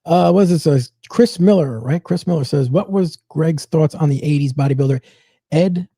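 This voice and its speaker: A man's voice: fairly high pitch, moderate pace, mellow, breathy edge, no echo. A male host in a casual chat, reading out viewer comments with short, laid-back replies.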